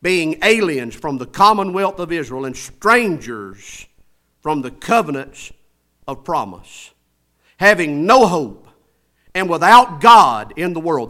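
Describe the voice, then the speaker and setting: Bright-voiced preacher, loud then hushed. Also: male voice, very animated, a little slow. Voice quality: swings from loud preaching to hushed low tones. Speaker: pastor. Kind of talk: sermon.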